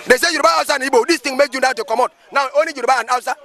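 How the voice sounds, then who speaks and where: A man's voice: very high-pitched, very fast, pushed and bright. A male pastor with a Nigerian accent, giving emphatic, preachy street commentary outdoors and firing off rhetorical questions.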